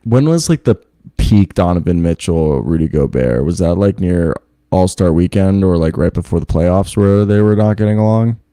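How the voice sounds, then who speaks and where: A man's voice: low-pitched, lively intonation, moderate pace, dark tone, dry recording. A young man co-hosting a podcast in casual, rambling chat, joking, laughing often and swearing, recorded over a remote streaming call. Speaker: podcast co-host. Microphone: remote video call streaming setup.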